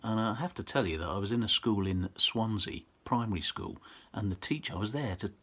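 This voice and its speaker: Husky, low-voiced man talking to pupils. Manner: chatty, restarts often, reads verse slowly and forcefully. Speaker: poet and author visiting schools. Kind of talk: informal talk to pupils with dramatic poetry reading.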